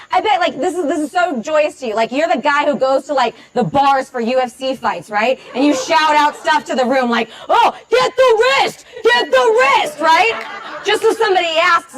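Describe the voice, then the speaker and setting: An actress playing a thirty-year-old stand-up comedian who sarcastically tears into a heckler, with lots of filler words. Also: female voice, sits high, low-quality recording. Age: 30s. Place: comedy club stage.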